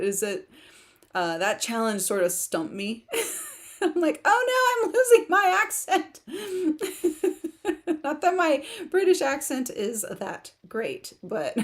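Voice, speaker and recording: A woman's voice: a little high, a little mellow. A woman hosting a casual livestream for writers from her home in the country, chatting and laughing often as she reads viewer comments aloud.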